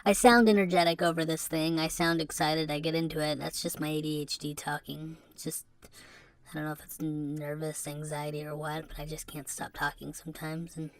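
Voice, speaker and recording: A woman hosting a podcast into a microphone, talking in a halting, rambling confessional monologue that is broken by rueful laughs and sounds depressed. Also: low voice, flat delivery. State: depressed and subdued. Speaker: podcast host.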